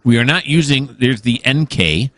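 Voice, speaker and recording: A man's voice: mid-range voice, expressive, moderate pace, a bit bright. A man hosting casual let's-play commentary, rambling and musing aloud with many fillers and restarts. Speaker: gaming channel host.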